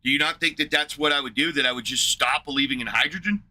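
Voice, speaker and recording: A man with a very bright, sharp voice that sits fairly high, pressing a challenger with heated, profane questions. He sounds frustrated and angry throughout. The sound is close and dry. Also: no echo. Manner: combative, profane, rapid questioning. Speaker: livestream host. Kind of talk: heated livestream rant.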